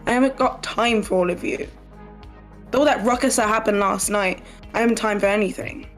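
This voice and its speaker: A cranky old hermit, drunk and fed up with nosy kids, as a woman game master puts him on. He grumbles and snaps in a gruff voice at a middling pitch. Background music plays faintly. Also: brisk, close to an everyday voice. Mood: grumpy. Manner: gruff, irritable complaining.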